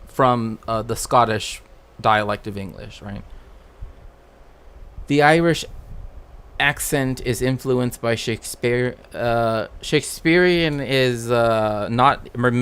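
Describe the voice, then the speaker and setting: Man streamer, unhurried, rambly, filler-heavy casual chat. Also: mid-range voice, fairly bright tone. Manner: rambling, many fillers and restarts.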